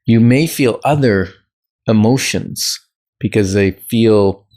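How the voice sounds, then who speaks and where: A man with a fairly low voice co-hosts a relaxed conversation. He tells personal stories in a reflective, unhurried way, often restarting his sentences. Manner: reflective, storytelling, frequent restarts. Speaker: podcast co-host. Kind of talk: casual conversation.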